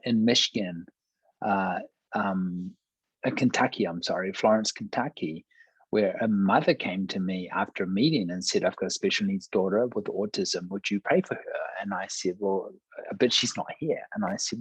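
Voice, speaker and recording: A pastor telling a personal testimony in conversation, earnest and acting out quoted dialogue. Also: male voice, on the low side, normal speed, slightly rough, no room sound, low-quality recording.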